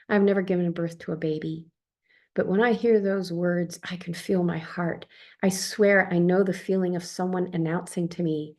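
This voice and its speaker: A woman calmly reading her own first-person account as a therapist, in a soft, tender manner. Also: fairly low pitch, moderate pace.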